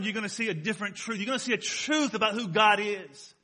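A male pastor preaching a sermon, emphatic, asking his congregation questions and swinging from loud stressed words to soft, close remarks. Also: sits high, fast, few pauses. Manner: rises loud on key words, drops soft and intimate.

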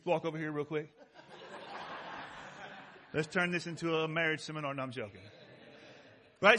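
Pastor, male, high bright voice, conversational sermon delivery with drawn-out emphasis and frequent questions to the congregation. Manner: conversational preaching, slows down to stress key words.

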